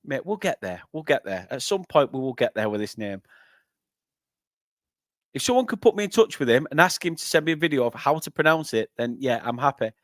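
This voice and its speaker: A young northern English man hosting a live football watchalong, chatting with viewers and breaking into excited play-by-play. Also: medium pitch, a little fast, dry recording, clean studio sound. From northern England. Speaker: fan channel host.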